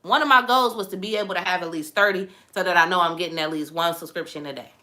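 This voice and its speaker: Bright, forceful young woman host. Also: on the low side, fast talker. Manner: animated, exclamatory, addresses viewers directly. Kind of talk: casual livestream chat.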